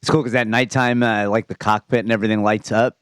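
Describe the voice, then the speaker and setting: Radio sidekick, man, lowish smooth voice, easygoing agreement, dry mic. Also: level tone, fast, fairly bright tone, no room sound. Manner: agreeable, many short yeahs. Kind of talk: casual studio banter. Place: radio studio.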